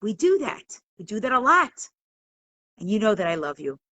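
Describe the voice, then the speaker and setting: A woman voicing a loving farmer father in a story she tells, in a gentle, pleased tone. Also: mid-range voice, big pitch swings, moderate pace, no echo. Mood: fond.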